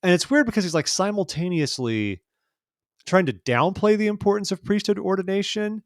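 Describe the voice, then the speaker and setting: A man's voice: sits high, lively intonation, moderate pace, dry recording, studio quality. A man co-hosting a news podcast, talking casually with fillers and restarts. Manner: conversational, hesitant with fillers and restarts. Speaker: podcast co-host.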